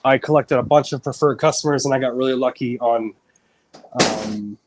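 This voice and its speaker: A man working as a delivery driver, chatting casually on a livestream in a halting, hesitant way. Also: medium pitch, heavy background noise. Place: out on delivery runs.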